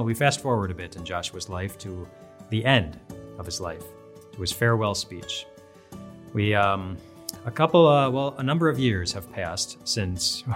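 A man with a fairly low voice preaches a daily devotional in an earnest, conversational way. He often restarts his phrases as he goes. Soft music plays faintly behind him. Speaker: pastor. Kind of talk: devotional sermon.

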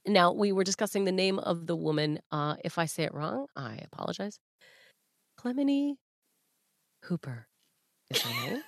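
Woman, podcast host, lively and jokey, lowish voice, dry recording. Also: brisk, vocal fry, hardly any pauses, no echo. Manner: animated, jokey storytelling with playful voices. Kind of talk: casual chat.

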